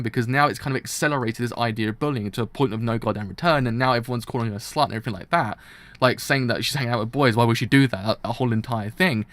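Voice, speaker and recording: A man hosts a live reaction stream and rants with real heat, often circling back with "kind of". His voice sits in a middle pitch. The sound is dry, with little room around it. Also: a bit bright, no echo. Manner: impassioned, ranting, repeats "kind of" often.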